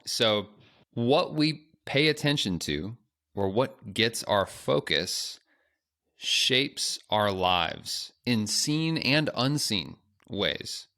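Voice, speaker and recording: A man's voice: fairly low pitch, lively intonation, drawn-out words, pushed and bright. A man co-hosting a podcast, chatting in a conversational, rambling way with joking asides. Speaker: podcast co-host. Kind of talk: casual podcast chat.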